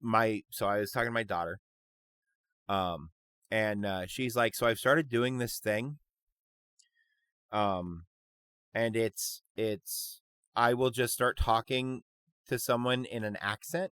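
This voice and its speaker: A middle-aged man co-hosting a casual podcast chat, talkative and quick to tell a joke. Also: on the low side, a bit bright, smooth, no room sound. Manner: chatty, tells jokes, goes off on tangents. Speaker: podcast co-host.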